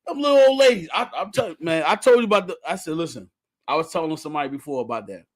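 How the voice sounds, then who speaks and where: A man with a fairly high voice talks in a slangy, animated way that swings widely up and down. He often repeats and restarts his words as he chats. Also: very fast. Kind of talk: casual chat.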